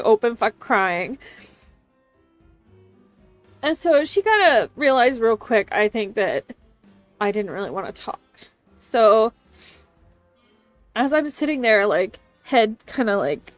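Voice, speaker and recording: Animated high-voiced woman telling a story. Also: takes it slowly, pauses often, dry recording, faint music behind. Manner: animated, swears freely, laughs often. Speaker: game streamer. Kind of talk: casual storytelling to a stream chat.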